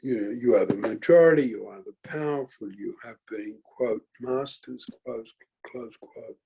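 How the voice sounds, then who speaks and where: A middle-aged man giving a reflective talk at his forum, speaking haltingly with many fillers and restarts. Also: mid-range voice, creaky, mellow, husky, poor audio. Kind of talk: reflective talk, thinking aloud.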